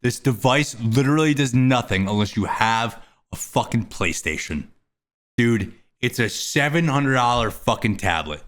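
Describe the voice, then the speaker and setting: A man's voice: mid-range voice, animated, measured pace, fairly bright tone. A young man hosting his own video, ranting about a product with crude, exasperated swearing. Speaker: host. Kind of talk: profane ranting commentary.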